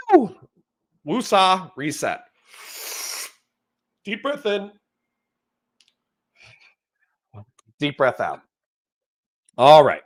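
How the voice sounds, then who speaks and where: A man hosting a livestream, talking off the cuff in a heated, animated rant. His pitch jumps around a lot as he reacts. He is recorded close on a streaming mic. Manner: animated, ranting, reads chat aloud. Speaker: streamer host. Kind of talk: casual livestream commentary.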